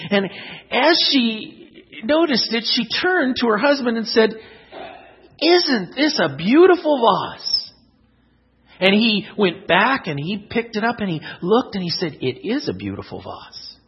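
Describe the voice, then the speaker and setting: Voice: medium pitch, lively intonation, moderate pace, slightly rough, dull audio. A speaker giving an emphatic devotional talk to young scouts, telling a children's story along the way.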